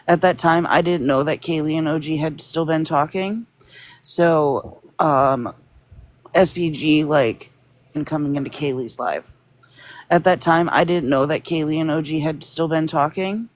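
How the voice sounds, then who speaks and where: A woman's voice: low voice, no room sound. A young adult woman on a livestream chat, upset and venting in a casual way. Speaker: live stream participant.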